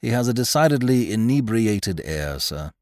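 A man reading aloud and voicing an unflappable, deferential valet who speaks in a grave, measured, formal manner. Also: mid-range voice, very animated, darkish tone, no echo, studio quality, close to an everyday voice. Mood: deadpan.

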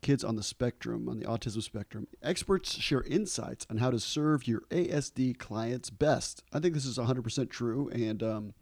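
A man's voice: mid-range voice, dark tone, dry recording, studio quality. Self-deprecating middle-aged American-accented man. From Ecuador. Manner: self-deprecating, laughs often. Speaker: podcast host. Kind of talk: casual comedic banter. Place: hotel room.

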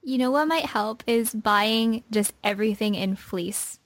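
A woman's voice: a little high, a little slow, no room sound. A woman co-hosting a podcast, chatting in a light, friendly way. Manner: light and friendly, laughs easily. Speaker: podcast co-host. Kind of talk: casual chat.

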